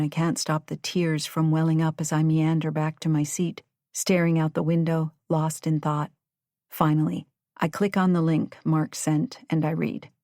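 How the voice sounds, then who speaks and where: Low-voiced woman narrating an audiobook. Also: mellow, no room sound, studio quality. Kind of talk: first-person audiobook narration.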